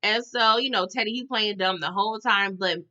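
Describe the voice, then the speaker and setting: A woman giving a chatty, animated recap of a TV episode, often calling her viewers y'all. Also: mid-range voice, fairly quick, dull audio. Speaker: TV recap vlogger.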